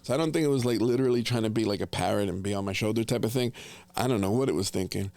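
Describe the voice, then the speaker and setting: A middle-aged man from New Jersey hosting a casual family chat, telling hunting stories in an animated way with gasps and laughter. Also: on the low side, very fast, dry recording. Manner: animated, laughing storyteller with gasps and whispered asides. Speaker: podcast host, father.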